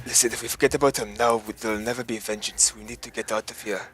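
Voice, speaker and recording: Brief: Scottish-accented kobold warrior, voiced by a man, urgent, a bit low and stumbling. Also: steady tone, quick pace, fairly bright tone, slight background noise, natural voice. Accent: Scottish, put on. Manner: earnest, urgent, with slips and restarts.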